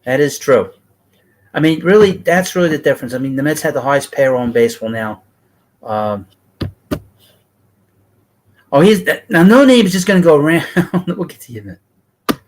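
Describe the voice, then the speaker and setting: A man's voice: fairly high pitch, expressive, normal speed, long pauses, low-quality recording. A middle-aged man with a thick New York accent, hosting a baseball livestream and talking bluntly and ramblingly to his chat.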